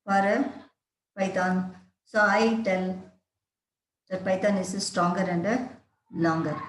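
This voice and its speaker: A woman teacher explains a story at an average pitch, stopping often with fillers and asking her students questions. The recording carries a roomy echo. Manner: halting, many fillers, rhetorical questions to students. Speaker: English teacher.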